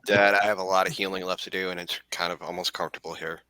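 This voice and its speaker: A man plays a tabletop game and makes slow, casual jokes. His voice is low in pitch but bright and forceful in tone. It is recorded dry and close. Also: level tone, smooth, no echo. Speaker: player. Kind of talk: casual chat in character.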